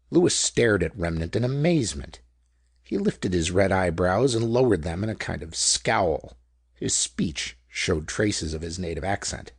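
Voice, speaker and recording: Man reading an old mystery book, low gravelly voice, dry close sound. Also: lively intonation, no room sound. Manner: measured, descriptive reading. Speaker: audiobook narrator. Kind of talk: scripted narration.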